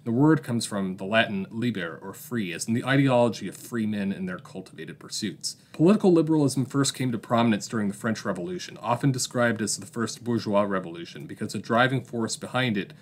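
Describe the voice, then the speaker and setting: A man's voice: fairly low pitch, lively intonation, brisk, hardly any pauses. A man hosting a political podcast, reading a history segment with explanatory asides. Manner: explanatory, with asides and book recommendations. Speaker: podcast host.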